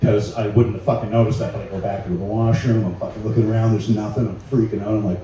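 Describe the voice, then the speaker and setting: Profane stand-up comedian in an echoey room. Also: male voice, on the low side, fairly even intonation, fast talker, hardly any pauses, mellow. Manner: loose, profane, laughing through his bits. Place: small live venue with an audience. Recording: echoey room, mic heard from a distance, faint noise.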